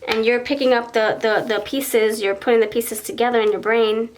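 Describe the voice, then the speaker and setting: A tarot reader with a voice on the high side talks at normal speed in a steady tone as she leads viewers through a pick-a-card reading. Her thinking happens out loud while she pulls cards, with frequent stops and restarts, and she acts out what partners might say to each other.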